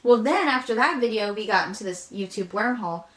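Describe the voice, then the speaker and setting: A young woman co-hosting a casual nostalgic podcast chat, telling stories with animated asides. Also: medium pitch, a little fast. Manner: animated storyteller, acts out commercial voices. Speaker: podcast co-host. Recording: roomy echo, backup audio.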